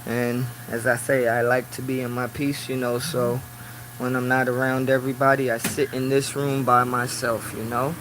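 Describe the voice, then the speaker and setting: Speaking at normal speed in a flat, medium-pitched voice against a noisy background, a livestreamer hosts a casual stream from his small work office. His talk rambles in run-on phrases full of "you know" fillers, and he gets loud and preachy when worked up.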